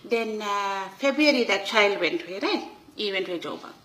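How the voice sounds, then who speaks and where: Bright gossipy Durban auntie woman. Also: medium pitch, normal speed, poor audio. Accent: South African Indian English, Durban. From Durban, South Africa. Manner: gossipy, animated auntie voice with broken English. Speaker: comedic storyteller. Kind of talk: comic monologue in character.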